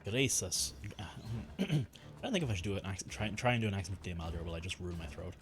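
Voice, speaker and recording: Chuckly low-voiced male streamer. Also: big pitch swings, racing, faint music behind. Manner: rambling, chuckly, with restarts and mild swearing. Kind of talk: casual gaming stream chat.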